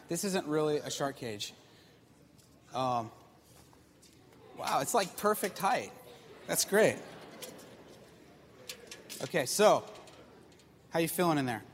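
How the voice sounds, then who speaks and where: A man preaching to young people, lively and joking, asking the crowd questions and bringing a volunteer up on stage. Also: fairly high pitch, long reverb tail, slight background noise. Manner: lively, jokey, talks straight to the crowd. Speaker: youth pastor. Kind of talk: sermon with audience participation.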